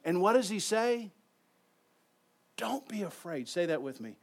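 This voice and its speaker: Male pastor preaching in a church, voice sits a bit high, goes soft then loud, asks the room to say stuff back. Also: very animated, a little slow. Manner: swings from hushed to emphatic, invites the congregation. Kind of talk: sermon. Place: church sanctuary.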